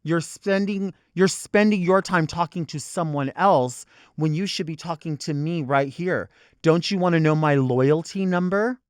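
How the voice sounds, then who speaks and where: A man's voice: fairly high pitch, measured pace, a little mellow, smooth, no room sound, clean studio sound. A man hosting a talk show, delivering a sassy, exasperated and profane unscripted comic rant.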